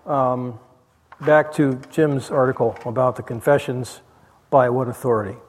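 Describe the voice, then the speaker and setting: A man's voice: medium pitch, fairly even intonation, measured pace, in a large hall. A man leading a church Bible study class in a conversational, rambling way, with frequent fillers and restarts.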